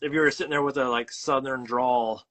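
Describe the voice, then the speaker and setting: Chatting casually as he makes art, this middle-aged host speaks at medium pitch with fairly even intonation and normal speed, in a bright, forceful tone. His talk is rambling and self-deprecating, packed with fillers and false starts.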